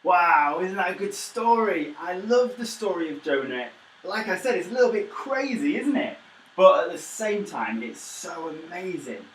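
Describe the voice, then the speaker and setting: A man's voice: high voice, sing-song, moderate pace, fairly bright tone, far from the mic. Man, children's worship leader, enthusiastic, jokey, roomy echo. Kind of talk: storytelling and leading a children's livestream.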